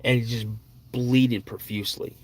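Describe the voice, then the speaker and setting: A man hosting a podcast, retelling an eyewitness's encounter in a slow, suspenseful way, often restarting and repeating words. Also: medium pitch, steady tone. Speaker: podcast host.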